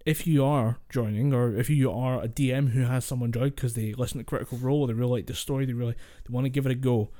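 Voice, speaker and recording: A man's voice: medium pitch, fairly even intonation, fast, few pauses, mellow. A man with a Scottish accent co-hosting a podcast, rambling through points in casual chat and laughing easily. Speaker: podcast co-host.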